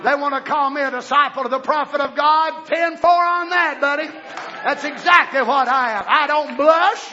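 High, bright-voiced fiery preacher. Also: male voice, moderate pace, highs cut off, some chatter behind. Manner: fiery, shifts from quiet asides to shouting. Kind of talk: sermon.

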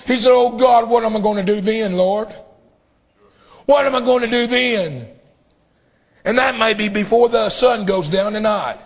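A man preaching and praying a fervent sermon to his church, shouting in bursts and drawing out emphatic phrases. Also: high voice, moderate pace, long pauses. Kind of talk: impassioned sermon and prayer.

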